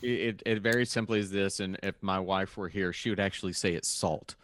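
A man's voice: sits low, steady tone, fairly quick, a bit bright. A man co-hosting a casual podcast chat, earnest with dry jokes, often stumbling over his first words. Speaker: podcast co-host.

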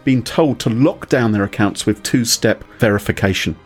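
A man's voice: lowish voice, normal speed. A man hosting a casual tech news chat, wry and chatty, explaining with asides. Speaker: podcast host.

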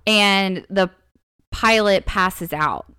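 A woman's voice: medium pitch, very slow, clean tone. A woman co-hosting a podcast, telling a story in casual chat, acting out the voices in it and laughing often. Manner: animated storyteller, acts out quotes, laughs often. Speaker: podcast co-host.

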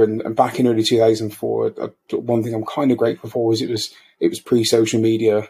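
A middle-aged man recounting a painful loss, speaking haltingly with many restarts. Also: on the low side, little pitch movement, darkish tone, slightly rough. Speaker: bereaved father, guest. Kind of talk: personal storytelling, emotional recollection.

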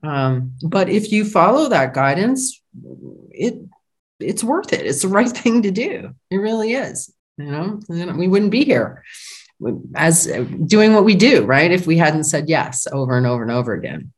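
A middle-aged woman chatting as a podcast guest, her voice leaping up and down in pitch. She laughs often and slips into playful voices to replay what she once said. She sounds open and unguarded. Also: normal speed, breathy edge. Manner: animated, laughs often, acts out her own past remarks. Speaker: guest, author and sound researcher. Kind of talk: casual interview chat.

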